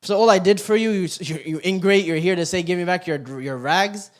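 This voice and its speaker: A man's voice: high voice, a little fast, close to an everyday voice. Brief: exasperated rich benefactor, scolding an ingrate, put on by a male preacher. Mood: indignant. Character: indignant wealthy man, offended benefactor.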